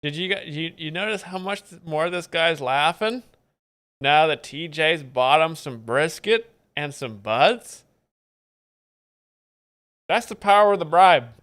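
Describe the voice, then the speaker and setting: A man's voice: fairly high pitch, measured pace, long pauses, a bit bright. A man co-hosting a live comedy show, joking wryly. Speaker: comedian co-host.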